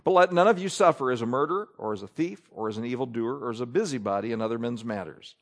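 A pastor preaching a sermon in church, reading Scripture aloud with emphatic rises and drops. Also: male voice, mid-range voice, animated, quick pace.

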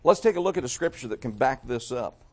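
A middle-aged man preaching a sermon, talking straight to his congregation and swinging from loud emphatic peaks to quieter asides. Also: medium pitch, expressive, fast talker. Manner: emphatic preaching with rising and falling loudness; addresses the congregation directly. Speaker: pastor.

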